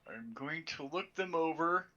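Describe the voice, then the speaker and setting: A man with a bright, forceful tone chats casually as a player in an online tabletop game. His voice comes through a dull, lo-fi microphone. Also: on the high side, lively intonation, a little slow.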